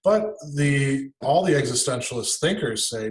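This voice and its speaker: A man's voice: medium pitch, normal speed, rough recording. A man, a guest philosopher in casual conversation, explaining ideas as he thinks aloud and often restarting his sentences.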